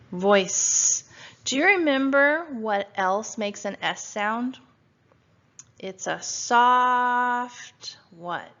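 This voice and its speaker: A woman's mid-range, creaky, slightly bright voice leads a home phonics spelling lesson for first graders. She sounds out letters with patience and asks questions, and the recording is dull and lo-fi.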